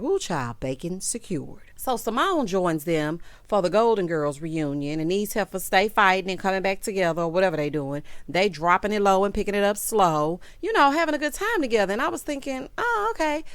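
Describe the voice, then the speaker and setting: A young woman gives sassy, gossipy commentary on a reality show, her voice swinging widely in pitch with lots of lively expression. She laughs often between remarks. The sound is dry and close, with no room echo. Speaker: YouTube reality-TV recapper. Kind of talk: casual recap commentary.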